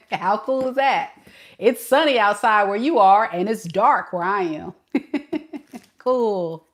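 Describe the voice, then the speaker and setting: Unhurried woman doing a live tarot reading, chatty, laughs a lot, talks to her chat. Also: mid-range voice, fairly bright tone. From Southern US. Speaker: tarot reader. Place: home at night.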